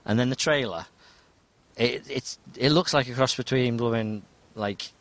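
A man's voice: mid-range voice, measured pace, no room sound. A man hosting a casual podcast chat, rambling and enthusiastic as he steers the talk. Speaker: podcast host.

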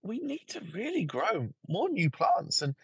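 A man talking as a podcast guest, with a husky, slightly breathy voice that swoops up and down a lot. His delivery is lively and chatty. The recording is dry and close, with no room sound. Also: sits high, unhurried, dry recording. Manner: lively, chatty, laughs easily. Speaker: podcast guest, plant marketer and author. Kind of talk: casual conversation.

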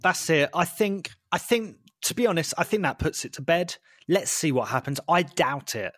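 Bloke on a podcast, bit higher voice, all over the place pitch-wise, keeps saying mate. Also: male voice, moderate pace, no room sound, clean studio sound. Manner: animated, says "mate" often, many restarts. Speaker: podcast co-host. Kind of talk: casual chat.

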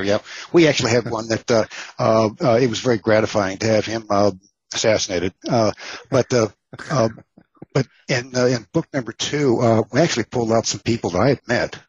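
Husky, muffled Texan-born male author. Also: medium pitch, no room sound. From Texas. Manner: rambling, many fillers and restarts. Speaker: author guest. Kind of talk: casual storytelling interview.

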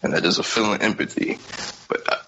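A man's voice: quick pace, pushed and bright, a little hiss or hum, rough recording. A man co-hosting a casual podcast, ranting heatedly in slang and laughing often. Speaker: podcast co-host.

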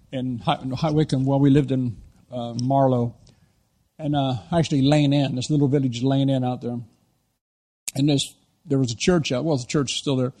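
An American man, middle-aged, preaching a sermon as an animated storyteller who acts out the lines he quotes. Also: medium pitch. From United States.

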